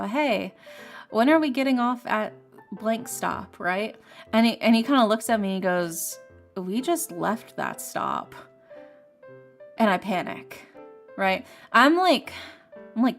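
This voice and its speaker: A young woman streamer chatting casually, telling a rambling, animated story with frequent restarts and laughs. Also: medium pitch. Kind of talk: casual storytelling while playing a game.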